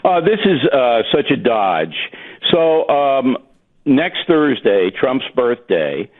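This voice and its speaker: A man's voice: medium pitch, very animated, takes it slowly. A man talking as a guest political commentator on talk radio, blunt and emphatic. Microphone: phone. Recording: tinny phone line.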